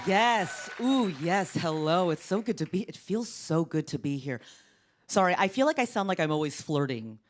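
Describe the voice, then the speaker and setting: A woman in her thirties from Orange County doing stand-up on a TV studio stage, with a deep, sultry voice and deadpan, self-mocking delivery. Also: normal speed, a crowd in the background, noisy background. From Orange County, California. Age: 30s. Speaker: comedian. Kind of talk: stand-up comedy. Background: studio audience laughter.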